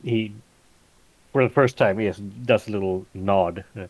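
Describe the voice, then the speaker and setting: Slow, hesitant man describing his character. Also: on the low side, fairly even intonation. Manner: hesitant, with many fillers and restarts. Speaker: player.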